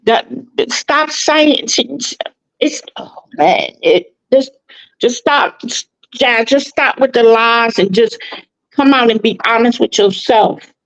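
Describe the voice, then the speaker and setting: A woman's voice: a little high, expressive, slow pace. A woman who is a guest on a livestream, plain-spoken and indignant. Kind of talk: casual livestream commentary. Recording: dull lo-fi call audio.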